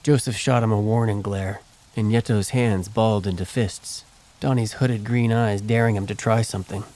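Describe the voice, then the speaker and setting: A male narrator reads a western novel in a steady, measured way. His voice sits on the low side for a man. It is plain scripted audiobook narration. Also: rough recording.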